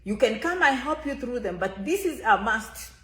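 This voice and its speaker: Animated high-voiced woman, emphatic. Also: moderate pace, echoey room. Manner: repetitive, emphatic, refers to herself by name. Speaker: immigration consultant. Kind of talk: animated motivational talk to viewers.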